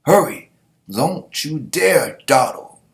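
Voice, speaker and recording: A man's voice: medium pitch, animated, a little fast, natural voice. A man voicing a ship captain who barks orders at his crew. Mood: urgent. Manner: barking orders.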